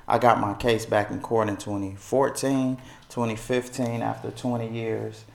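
A middle-aged man from Milwaukee telling a personal story to an audience, animated and acting out the voices of people in it. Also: normal speed, vocal fry. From Milwaukee, United States. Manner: animated, acts out quoted voices with big pitch jumps. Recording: echoey room.

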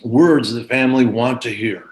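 A man delivers a police training lecture in an earnest, emphatic way. He drives home his points by repeating key words, in an average-pitched voice. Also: moderate pace, darkish tone, poor audio.

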